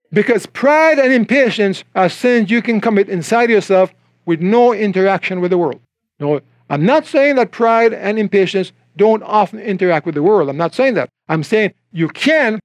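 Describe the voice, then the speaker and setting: High-voiced animated male preacher. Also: no room sound. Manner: animated, acts out voices in quotes. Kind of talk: sermon.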